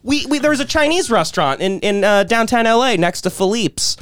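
A man telling stories in casual podcast chat, animated and acting out the voices of the people he quotes. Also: very high voice, a little fast, slight background noise. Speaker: podcast guest.

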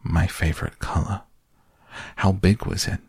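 A man's voice: low-pitched, flat delivery, vocal fry, a little mellow, husky, dry recording, clean studio sound, full character voice. Eeyore, a man voicing a gloomy old donkey. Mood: mournful. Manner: gloomy, mournful, slow. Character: gloomy old male donkey, sad and slow. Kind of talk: storybook reading.

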